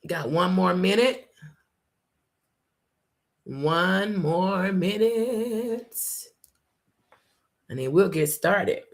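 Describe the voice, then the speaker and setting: A woman's voice: lowish voice, expressive, very slow, long pauses. A woman hosting a casual live talk, speaking emphatically and repeating her points, calling her listeners y'all. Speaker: host.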